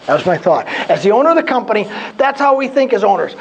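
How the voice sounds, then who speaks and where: A man's voice: high-pitched, quick pace, a little hiss or hum, poor audio. A man in his fifties giving a humorous workshop talk to a career group, telling stories and acting out his own past conversations. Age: 50s. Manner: animated storyteller who acts out his own past dialogue. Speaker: guest speaker at a career group.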